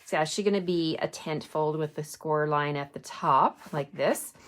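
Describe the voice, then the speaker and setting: Lower-voiced woman demonstrating crafts. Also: moderate pace. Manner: chatty, friendly, thinking aloud with fillers.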